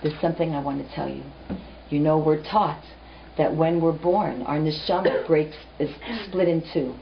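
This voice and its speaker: Lady playing a quiet earnest young guy, lo-fi dull recording. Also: low-pitched, steady tone, moderate pace, creaky, a little hiss or hum. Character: humble, learned young man. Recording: muffled lo-fi recording.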